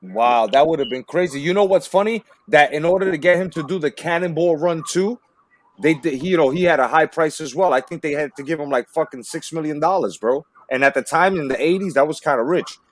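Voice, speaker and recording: A man hosting a casual movie-talk livestream, telling stories in an animated, swearing way. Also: fairly high pitch, fairly quick. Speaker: livestream host.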